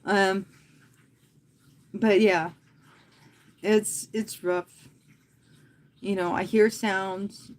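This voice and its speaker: A woman who hosts live fitness classes, talking earnestly and from the heart to her viewers in a casual livestream, often pausing and speaking softly. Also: mid-range voice, fairly even intonation, slight background noise. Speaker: fitness instructor and livestream host.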